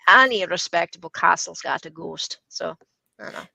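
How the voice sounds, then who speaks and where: A woman co-hosting a podcast in casual chat. Her voice sits slightly low but sounds bright and forward. She talks freely and laughs often, recorded dry and close. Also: normal speed, creaky, no echo, poor audio. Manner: chatty, laughs often, uses Scots words like aye. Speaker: podcast co-host.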